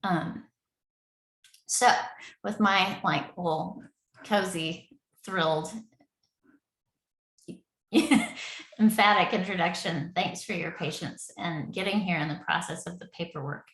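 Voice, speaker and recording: A woman's voice: fairly low pitch, takes it slowly, long pauses, a bit bright, echoey room, rough recording. A woman leading an online project meeting from home, talking in a rambling, effusive way and laughing often. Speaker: city project lead running the meeting. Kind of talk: casual online meeting talk.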